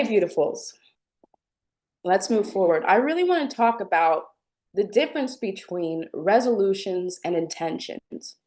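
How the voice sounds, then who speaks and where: Gentle, warm-voiced spiritual host woman. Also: mid-range voice. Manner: gentle, affectionate, heartfelt. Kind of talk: live-streamed spiritual talk with chat.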